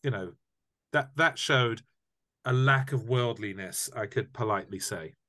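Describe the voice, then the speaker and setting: Male guest, mid-pitched, storytelling in an animated conversational register. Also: measured pace. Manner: animated anecdotes, repeats words when restarting. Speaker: guest, tour company founder. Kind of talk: casual storytelling chat.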